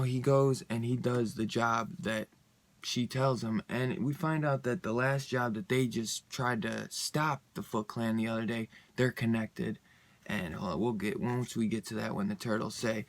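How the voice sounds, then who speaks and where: A man's voice: medium pitch, no room sound. A young man giving a rambling, casual comic book review, full of fillers and laughing often.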